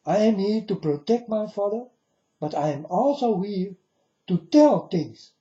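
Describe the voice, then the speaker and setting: High-voiced man, slow solemn warnings. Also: lively intonation, warm tone. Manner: solemn, warning tone, repeatedly addresses "folks". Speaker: video blogger. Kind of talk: monologue to camera. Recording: dull lo-fi recording.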